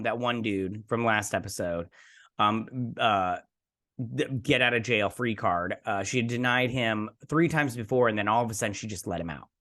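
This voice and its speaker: A man hosting a casual episode recap, chatty and animated, slipping into playful voices as he retells scenes. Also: mid-range voice. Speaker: host.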